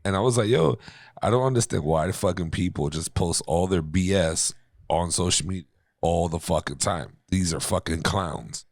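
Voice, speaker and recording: A man's voice: low voice, moderate pace, darkish tone, dry recording, clean studio sound. A man co-hosting a podcast, chiming in with laid-back casual chat. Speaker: podcast co-host.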